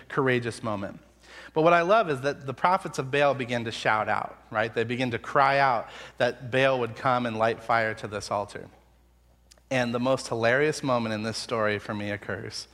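A male pastor delivers a sermon in a relaxed, conversational way with a dry, sarcastic streak. His voice sits at an ordinary middle pitch. The sound rings with the long reverb of a large hall. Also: normal speed. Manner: conversational, wry and sarcastic storytelling.

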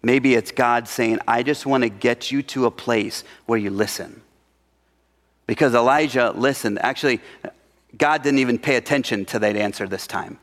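A middle-aged male pastor preaching a sermon, swinging between loud emphatic lines and hushed whispers. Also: medium pitch, moderate pace. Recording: reverberant hall.

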